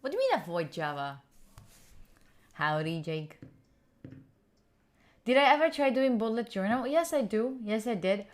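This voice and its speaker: A woman's voice: fairly high pitch, lively intonation, measured pace, long pauses. Chatty young woman hosting a study stream. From Italy. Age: young adult. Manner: chatty, giggly, answers chat questions aloud. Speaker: study livestream host. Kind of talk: casual chat with live viewers. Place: room at home.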